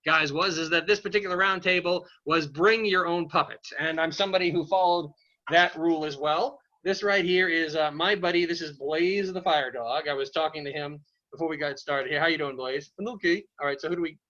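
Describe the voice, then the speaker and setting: An upbeat man hosting a casual roundtable chat. His voice is fairly high and bright, and the audio comes through muffled and lo-fi. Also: steady tone, moderate pace. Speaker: host. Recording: dull lo-fi audio.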